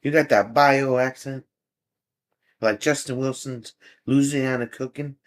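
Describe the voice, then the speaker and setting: With a steady tone and measured pace, a man with a mid-range voice hosts a casual livestream. He chats comfortably with viewers, reads their comments aloud and chuckles a lot.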